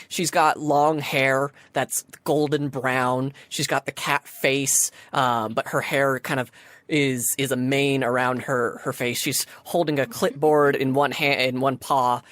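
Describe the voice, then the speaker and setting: A woman with a low voice runs a tabletop game, narrating in a relaxed, chatty manner. Her voice sounds close and dry. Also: dry recording. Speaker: game master.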